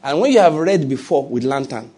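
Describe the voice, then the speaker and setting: A man's voice: medium pitch, lively intonation, a little fast, mellow, slightly rough. A man with a Nigerian accent preaching a sermon as a pastor, asking rhetorical questions and mixing in humor.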